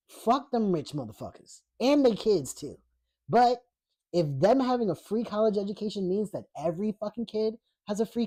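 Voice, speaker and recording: A man's voice: high voice, darkish tone. A man hosting a podcast in a blunt, profane, rambling rant, laughing often as he reads chat comments. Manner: rambling with many fillers and restarts. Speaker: podcast host. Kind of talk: casual political rant reading live chat.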